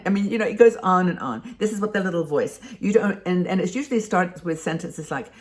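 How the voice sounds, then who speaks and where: A woman's voice: lowish voice, brisk. An older woman hosting a show, talking casually and rambling, with frequent restarts and fillers. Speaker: host. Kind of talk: casual talk to camera.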